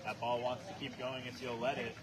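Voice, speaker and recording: A man hosting an outdoor challenge, explaining rules and calling the action in a steady, instructive way. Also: medium pitch, brisk, a loud crowd. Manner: steady, instructive, calls himself monotone. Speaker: challenge host. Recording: noisy on-location recording.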